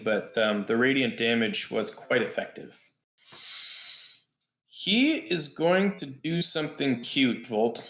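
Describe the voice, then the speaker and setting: A game master narrates a tabletop battle at an unhurried, deliberate pace. His voice carries a noticeable room echo. He stretches out his descriptions for drama. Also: medium pitch, a bit bright.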